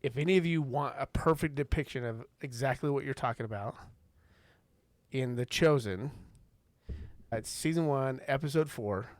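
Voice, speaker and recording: A man co-hosting a faith podcast, telling a story in an earnest, animated way. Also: mid-range voice, moderate pace, no echo. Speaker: podcast co-host. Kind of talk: casual faith podcast conversation.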